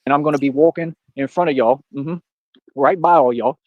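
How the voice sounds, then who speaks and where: In a ranting livestream monologue, a man boasts and confronts his critics, throwing out challenges and repeating "what are you talking about." His medium-pitched voice moves fairly quickly on a dry, narrow, tinny recording.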